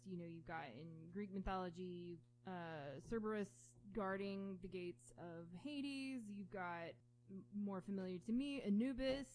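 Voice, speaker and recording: Woman co-hosting a chatty podcast, animated, acts out voices, slight background hum. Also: lowish voice. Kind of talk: casual chat.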